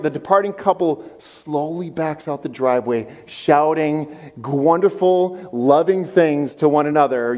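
A man preaches in a playful, teasing way, drawing the congregation in. His voice sits a little high for a man. The sound rings with the long reverb of a large church hall. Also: darkish tone. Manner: playful, audience-engaging, acts out quoted voices. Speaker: pastor. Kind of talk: sermon.

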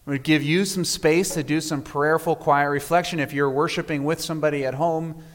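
A man preaching a sermon as pastor, measured and reflective, often letting his voice fall to a soft hush at the end of a phrase. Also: a little high, steady tone. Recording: long reverb of a large hall.

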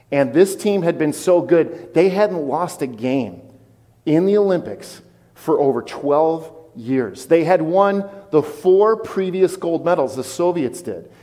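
A man preaching a sermon as pastor, animated and conversational with his congregation. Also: medium pitch, in a large hall. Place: church.

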